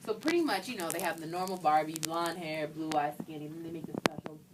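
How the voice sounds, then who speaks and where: A woman's voice: deep voice, fast, recorded from a distance. A young woman co-hosting a college radio show, chatting casually and emphatically, often laughing. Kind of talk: casual chat. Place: radio studio. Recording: voice a bit off-mic with faint noise.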